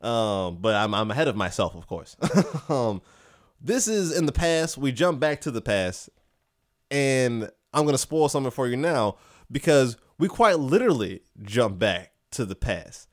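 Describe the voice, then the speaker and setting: A man hosting a casual podcast who excitedly retells a comic book, laughing often. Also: medium pitch, a little slow. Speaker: podcast host. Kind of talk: casual chat.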